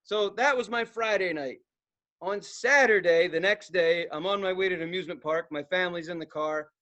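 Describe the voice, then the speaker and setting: A young man co-hosting a podcast, telling stories in a casual, profane, animated way, acting out loud outbursts and laughing along. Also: sits high, fairly quick, lo-fi sound. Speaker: podcast co-host. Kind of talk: casual storytelling chat.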